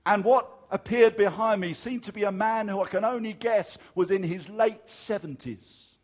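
Male English preacher, high voice, animated storyteller in a sermon. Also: moderate pace.

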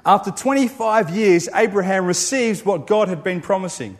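A man preaching a sermon, building emphatic lists and then dropping to a quiet, low close. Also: animated, normal speed, hardly any pauses. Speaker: pastor.

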